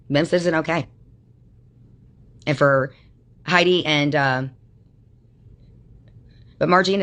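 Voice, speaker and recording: A woman's voice: low-pitched, a bit bright. A woman livestreaming, ranting at her chat in a combative, mocking way with constant profanity.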